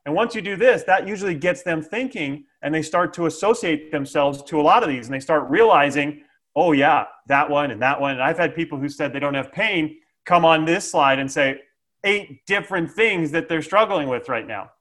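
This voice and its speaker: Sales coach, male, slightly high pitch, animated and playful, frequent "okay?". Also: moderate pace. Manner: lively, jokey, with frequent "okay?" check-ins. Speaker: sales trainer. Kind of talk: instructional sales talk.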